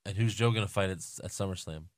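A man's voice: low voice, quick pace, dry recording, clean studio sound. A man co-hosting a podcast, talking casually and rambling, hedging with "like" and "you know". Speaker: podcast co-host. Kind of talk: casual wrestling chat.

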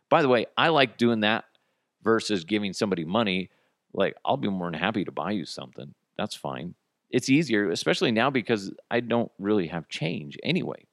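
A man's voice: lowish voice, big pitch swings, normal speed, no echo, studio quality. A man hosting a podcast, telling stories in a casual, profane way and slipping into put-on voices. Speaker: podcast host. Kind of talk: casual solo monologue.

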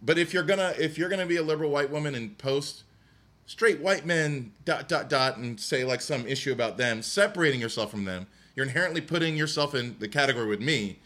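Male co-host, bright mid-pitched voice, easygoing explainer. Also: brisk. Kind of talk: casual chat.

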